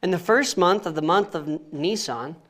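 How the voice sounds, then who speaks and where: A man's voice: high-pitched, normal speed, a bit bright. Young man reading scripture, tripping over names. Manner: stumbles over names, laughs at himself. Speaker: Bible study teacher. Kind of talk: casual Bible reading and teaching. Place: church.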